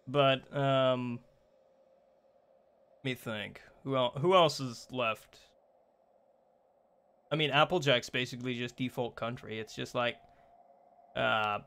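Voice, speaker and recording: Male streamer of middle pitch, loose and rambling, chatting with viewers while he plays. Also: steady tone, unhurried, gravelly, pauses often, a bit bright, clean tone. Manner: rambling, with many fillers and restarts; reads on-screen game text aloud. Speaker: game streamer and voice actor. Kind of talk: casual live-stream chat while playing.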